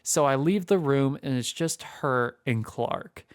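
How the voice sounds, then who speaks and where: Young man, chatty storyteller, average pitch, dry close mic. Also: slow pace, clean tone, dry recording. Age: young adult. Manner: chatty, re-enacts what people said. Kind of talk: casual storytime narration.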